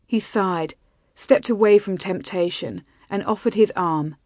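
A woman reading a romance novel aloud in a soft, intimate, measured way. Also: medium pitch, no room sound, clean studio sound. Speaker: audiobook narrator. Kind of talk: scripted romance narration.

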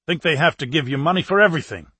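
Chatty middle-aged plumber and ex-soldier, gossipy pub talk, raised pitch, husky edge, read by a male audiobook narrator. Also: animated, very fast, pushed and bright, no room sound, heavily acted. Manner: gossipy, talkative.

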